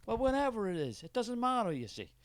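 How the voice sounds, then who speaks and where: A man's voice: extremely high pitch, big pitch swings, fast, no room sound. An Irish man playing a suspicious, money-minded male skeptic who answers in a scornful, defensive and dismissive way in a comic character sketch.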